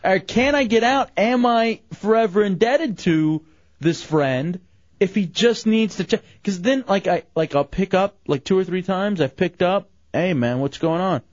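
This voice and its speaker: A man hosting a call-in radio show, telling stories in an animated way. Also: sits high, unhurried, no echo. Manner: animated, storytelling. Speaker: radio host. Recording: dull lo-fi radio broadcast.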